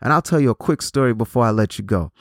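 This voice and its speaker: A man's voice: mid-range voice, expressive, quick pace, dry recording, studio quality. A man in his forties giving a motivational talk, preachy in tone, repeating phrases and restarting his sentences. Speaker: motivational speaker.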